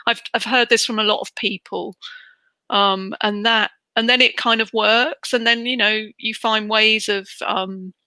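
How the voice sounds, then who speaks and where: A woman's voice: a little high, steady tone, a little slow, bright, forceful tone, no echo. A middle-aged woman from the United Kingdom, chatting as an interview guest about moving home, and she acts out the voices she quotes. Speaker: interview guest, relocation trainer. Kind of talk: casual interview chat.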